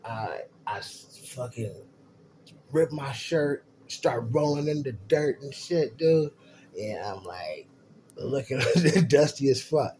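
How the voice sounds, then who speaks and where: A man tells a long story in a loose, profane way and jumps into the voices of the people in it as he goes. His voice sits at a middle pitch for a man. There is a faint hiss of noise under the recording. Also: slow pace. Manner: profane, animated storyteller acting out others' lines. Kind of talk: casual storytelling.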